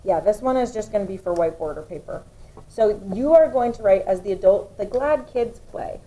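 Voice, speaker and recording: A woman's voice: medium pitch, poor audio. Woman teacher walking parents through lessons. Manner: clear, steady explaining, sounds out words slowly. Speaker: first grade teacher. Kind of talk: instructional walkthrough for parents.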